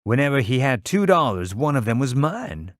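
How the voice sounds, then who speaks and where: A man's voice: medium pitch, very animated, moderate pace, no room sound, clean studio sound, voice pushed up, close to an everyday voice. A man reading aloud, voicing a frightened woman cook who speaks plaintively in dialect. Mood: fearful. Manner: fearful, plaintive.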